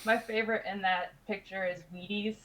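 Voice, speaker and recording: A woman's voice: medium pitch, fairly even intonation, moderate pace, fairly bright tone. A woman co-hosting a podcast, chatting casually in a hesitant way with many fillers. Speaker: podcast co-host. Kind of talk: casual chat.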